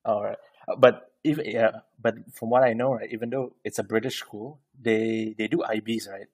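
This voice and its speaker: A man's voice: fairly low pitch, fairly even intonation, normal speed, slightly rough. A man hosting a podcast who asks casual questions, hesitant and checking facts back with the guest. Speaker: podcast host.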